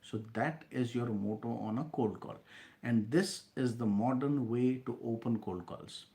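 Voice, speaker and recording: A man's voice: mid-range voice, measured pace, creaky, mellow. Man coaching sales, asking "right?". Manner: instructive, repeats points with frequent "right?". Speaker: sales trainer. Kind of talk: class-style sales lesson.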